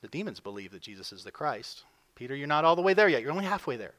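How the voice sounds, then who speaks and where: A man preaching a sermon as pastor, building emphasis and swinging between loud pushes and quiet drops. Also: medium pitch, sing-song, fast. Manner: emphatic preaching, voices quoted figures with rising force.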